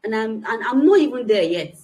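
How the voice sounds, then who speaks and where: A woman's voice: fairly high pitch, big pitch swings, a little fast, a little mellow, low-quality recording. A young adult woman, a motivational speaker, giving an earnest, emphatic personal testimony to young people.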